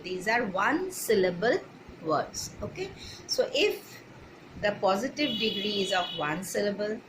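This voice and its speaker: A woman's voice: medium pitch, noisy background. A woman teaching English grammar to children, spelling words out letter by letter and checking that they follow.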